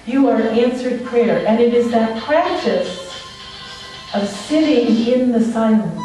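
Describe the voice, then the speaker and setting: Caught on a distant mic in an echoey church sanctuary, a woman preaches a conversational sermon full of stories and frequent laughter. Her voice is fairly high and unhurried, and soft music plays in the background. She is animated throughout.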